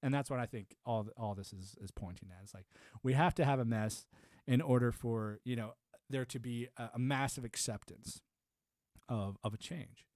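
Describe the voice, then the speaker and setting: A man's voice: medium pitch, moderate pace, no echo, clean studio sound. Rambling, laughing man streamer. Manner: rambling, laughs often, animated swings. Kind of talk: casual live-stream chat.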